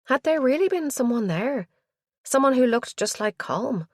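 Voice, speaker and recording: A woman reading a crime thriller audiobook in a measured, suspenseful way. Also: high-pitched, animated, darkish tone, no echo, clean studio sound. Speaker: audiobook narrator. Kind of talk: scripted narration.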